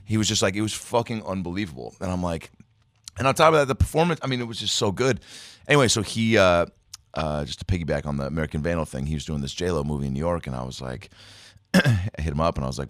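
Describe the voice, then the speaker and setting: A man, a comedian guest in a studio, telling stories in an animated, profane way in casual chat. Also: low-pitched, fast talker, no echo.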